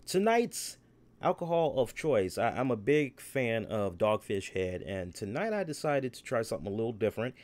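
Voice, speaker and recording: A man hosting a live wrestling aftershow, talking in an animated, rambling way and repeating himself. He has had a beer and is hiccuping a little. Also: medium pitch, normal speed. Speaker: wrestling show host. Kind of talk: live solo aftershow review.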